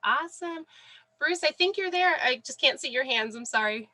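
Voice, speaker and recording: A woman's voice: high voice, expressive, moderate pace, bright, forceful tone, no echo, rough recording. A woman teaching a class over a video call from home, encouraging and praising students by name. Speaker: sign language teacher. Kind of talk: online class instruction. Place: home, with a dog under the desk.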